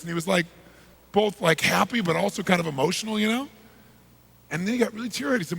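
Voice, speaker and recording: A middle-aged man, a motivational speaker, telling a story emphatically, swinging from loud bursts to hushed lines. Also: sits high, lively intonation, fast talker, vocal fry, long pauses, slightly rough.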